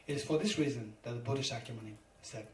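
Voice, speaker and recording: A fast-talking man of medium pitch gives an emphatic, repetitive Buddhist teaching, spelling terms letter by letter. It's a dharma lecture recorded with a distant mic in a roomy space, with faint noise.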